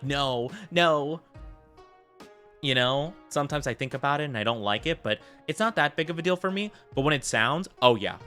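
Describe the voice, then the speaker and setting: Bright-voiced chatty male streamer. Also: on the high side. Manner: rambling and giggly, full of filler "like". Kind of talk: casual live-stream chat.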